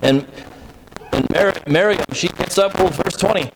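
A man preaching a sermon, reading scripture and talking in an animated, conversational way with sudden jumps in pitch. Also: a little slow, vocal fry, very noisy. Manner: animated, with emphatic leaps in pitch; conversational asides and restarts.

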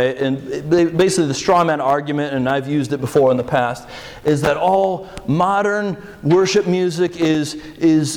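A man preaching a sermon, reading scripture and talking in an animated, conversational way with sudden jumps in pitch. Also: rough recording. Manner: animated, with emphatic leaps in pitch; conversational asides and restarts.

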